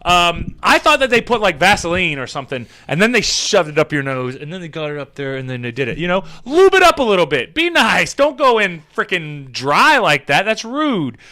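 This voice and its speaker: A man hosting a podcast, telling a comic story in a rambling, animated way full of fillers and casual swearing. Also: sits high, a little fast, few pauses. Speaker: podcast host.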